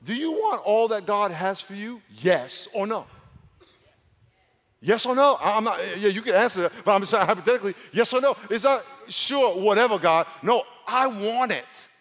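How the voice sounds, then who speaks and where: A pastor from New York preaching a humorous sermon, acting out dialogue between stories. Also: male voice, lively intonation, moderate pace, fairly bright tone. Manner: storytelling, acts out dialogue with big pitch swings and laughs. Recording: long hall reverb.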